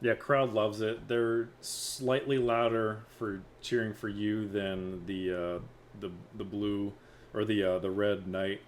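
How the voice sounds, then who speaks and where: A man narrating a tabletop game as game master, slow and unhurried, with many fillers. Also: on the low side, flat delivery, a little hiss or hum.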